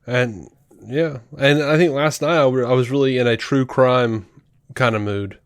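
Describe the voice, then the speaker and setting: A man's voice: medium pitch, normal speed, smooth, no room sound, clean studio sound. A man co-hosting a podcast in casual chat, sleepy and laid-back, laughing often. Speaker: podcast co-host. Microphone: headphones and home mic.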